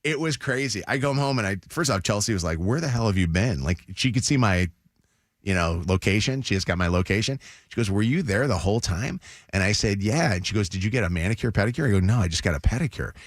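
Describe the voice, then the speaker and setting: A middle-aged man hosting a morning radio show, telling a story in an animated, chatty way. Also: on the low side, fast talker, no echo, clean studio sound. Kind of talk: casual morning radio chat. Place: radio studio.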